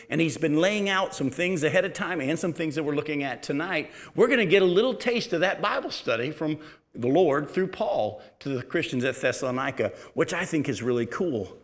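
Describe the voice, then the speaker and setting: A man's voice: expressive, a little fast. Conversational middle-aged male preacher. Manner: conversational storytelling, sometimes drops to a quiet, low delivery. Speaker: pastor. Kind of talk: sermon.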